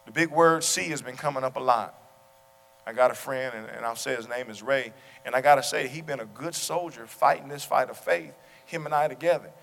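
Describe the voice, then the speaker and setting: A male pastor preaching a sermon to his congregation, talking through stories and repeating his question, at times rising to loud exclamations. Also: mid-range voice, a little fast, creaky. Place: church sanctuary. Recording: long hall reverb.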